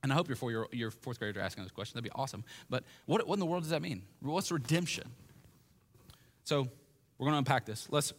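A man's voice: mid-range voice, expressive, fast talker. A pastor delivering a conversational sermon in a church that meets in a gym, often restarting and repeating his phrases. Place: gym used as a church hall.

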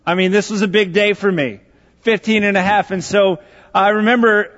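A man with a high, light voice delivers a conversational sermon full of self-mocking jokes. He is from Texas and speaks like a pastor telling a story to his congregation. The sound is a little dull and rings with a long hall echo. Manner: conversational and joking, with self-deprecating asides.

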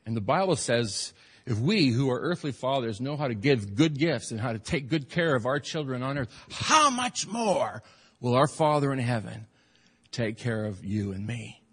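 A man's voice: mid-range voice, expressive, normal speed, slightly rough. Emphatic male pastor preaching in a hall. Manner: earnest, emphatic preaching with repeated phrases. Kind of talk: sermon. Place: church sanctuary.

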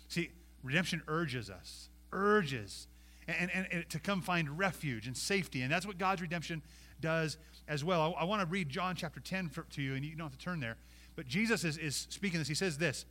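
Male pastor, sermon, impassioned, bright tone, slightly high voice, loud to hushed swings. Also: lively intonation, normal speed.

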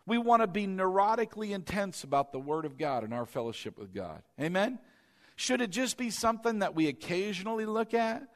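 Brief: male pastor, raised pitch, conversational sermon with call-and-response, long hall reverb. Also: sing-song, a little fast.

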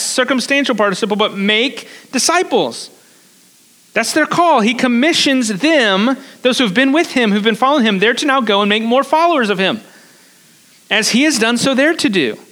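A man's voice: very high-pitched, bright, forceful tone. A man preaching a sermon to a congregation, explaining step by step, repeating words as he goes and putting questions to his listeners. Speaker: pastor. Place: church service.

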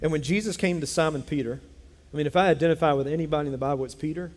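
A man preaching a sermon as pastor, telling a Bible story in an animated way and acting out its characters. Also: fairly high pitch, racing. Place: church sanctuary. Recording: long hall reverb.

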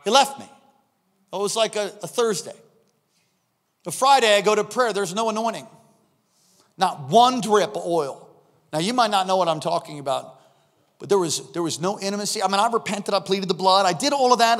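Animated high-voiced man preaching in a hall. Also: normal speed. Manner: animated, acts out dialogue, swings from shouting to hushed. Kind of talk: sermon with personal story.

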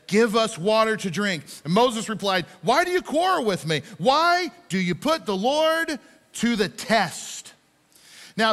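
Bright-voiced pastor preaching in a reverberant hall. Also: male voice, high voice. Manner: animated storytelling, acts out scenes with voices. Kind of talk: sermon. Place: church.

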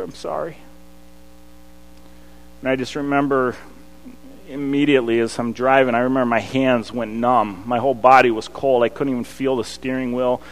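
A pastor, preaching a sermon that swings from loud to hushed. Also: male voice, medium pitch. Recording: long hall reverb.

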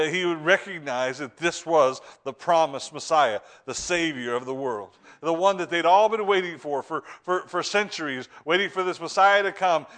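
A man preaching a sermon with fervor, repeating and restarting words, swinging between loud urgent lines and hushed ones. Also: fairly high pitch.

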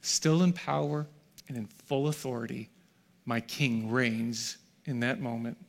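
A middle-aged male pastor preaching a sermon to a congregation in a church hall, swinging from hushed, near-whispered lines to shouted peaks. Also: mid-range voice, steady tone, unhurried, vocal fry.

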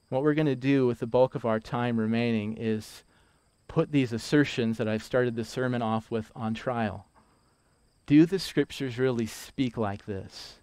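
A man preaching a sermon, emphatic, repeating key lines slowly for weight. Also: mid-range voice, darkish tone, clean tone, dry recording. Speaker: pastor.

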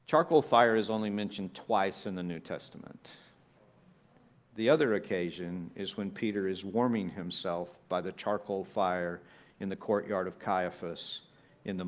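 A man preaching a sermon, building from quiet reflective lines to loud, emphatic peaks. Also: fairly low pitch. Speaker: pastor.

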